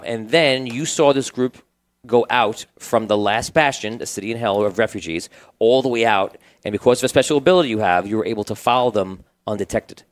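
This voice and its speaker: A man's voice: medium pitch, fairly bright tone, low-quality recording. A man narrating as game master of a tabletop game, setting scenes cinematically and rambling with restarts and fillers.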